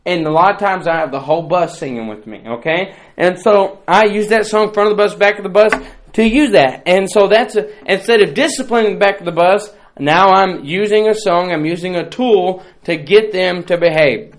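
A middle-aged man, teaching a bus ministry workshop in a playful, animated way and breaking into song. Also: high voice, normal speed. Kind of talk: training talk with sung examples.

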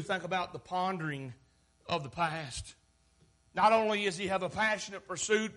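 A preacher delivers an impassioned sermon in a very high, bright, sharp voice. His delivery swells into shouts and then sinks back down low.

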